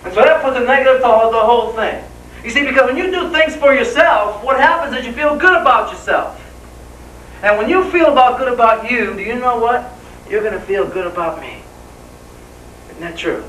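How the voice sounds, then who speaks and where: A man's voice: extremely high pitch, a little fast, a bit bright, slight background noise. A man giving a live motivational seminar speech, enthusiastic and firing rhetorical questions at the crowd. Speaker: motivational speaker. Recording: echoey hall, voice from far off.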